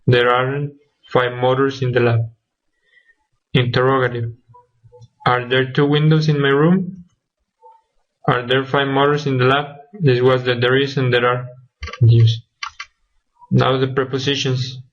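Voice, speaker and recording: A man's voice: medium pitch, little pitch movement, unhurried, long pauses. A young man presenting a grammar lesson from slides as a student, listing examples one by one. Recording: dull lo-fi recording.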